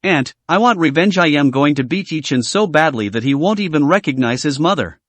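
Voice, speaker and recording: A man's voice: on the high side, animated, a little fast, fairly bright tone, no echo. A man voicing an angry, hot-headed young man who speaks with a lisp. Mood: furious. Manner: angry, vengeful.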